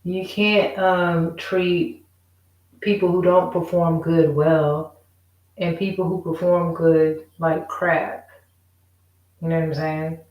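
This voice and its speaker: A woman's voice: sits low, little pitch movement, takes it slowly, a little mellow, echoey room, distant mic, low-quality recording. A woman in a casual, rambling monologue, emphatic and repeating herself as she vents. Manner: rambling, emphatic, repeats "you know what I'm saying". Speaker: vlogger.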